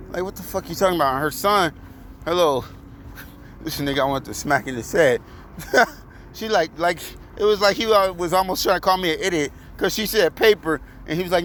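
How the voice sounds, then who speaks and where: A man with a high voice rants his way through a story, swearing freely and laughing between lines. Light traffic hums faintly behind him outside. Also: a little fast. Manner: profane, animated, laughing storytelling. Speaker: vlogger. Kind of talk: casual storytelling rant.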